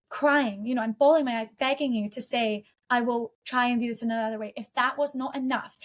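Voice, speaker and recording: Woman podcast guest, higher voice, earnest and heartfelt personal storytelling. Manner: earnest, heartfelt, with frequent restarts.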